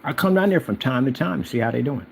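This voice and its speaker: A man's voice: expressive, quick pace, vocal fry, a little hiss or hum. Brash man ranting at the camera. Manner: boastful and challenging, swinging from loud calls to low mutters. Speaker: channel host. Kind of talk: casual rant to camera.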